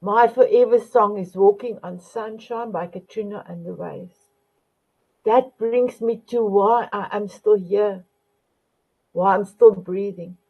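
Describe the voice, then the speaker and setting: A woman speaks slowly and affectionately as a motivational talk show host. She addresses her viewers again and again as her beautiful ones. The recording sounds dull and lo-fi. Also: mid-range voice, slightly rough.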